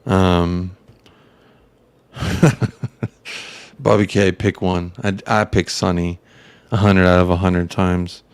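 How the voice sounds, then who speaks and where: A man's voice: low-pitched, little pitch movement, slow pace, pauses often, smooth, no room sound. A man co-hosting a casual late-night fan chat, rambling and making crude jokes. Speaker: podcast co-host.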